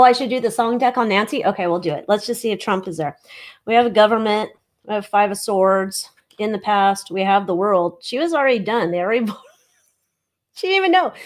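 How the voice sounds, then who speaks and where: Woman, tarot stream host, snarky jokes, casual chatter, fillers and asides. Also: medium pitch. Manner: snarky, joking, laughs at her own jokes. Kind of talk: casual live-stream chat with card readings.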